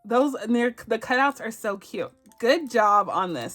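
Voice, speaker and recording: A woman's voice: on the high side, lively intonation, unhurried, a bit bright, soft background music. Bubbly, giggly woman budgeting vlogger. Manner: says y'all. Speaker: budgeting channel host. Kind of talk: casual chat reviewing savings challenges.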